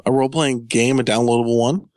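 A man's voice: medium pitch, steady tone, quick pace, darkish tone, no room sound. A man hosting a gaming podcast, joking and chatting casually with his co-host.

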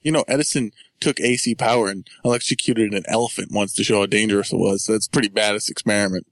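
A man hosting a casual gaming podcast, trading quick jokes with his co-host. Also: lowish voice, fairly even intonation, no echo, studio quality. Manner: jokey, quick banter. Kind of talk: casual chat.

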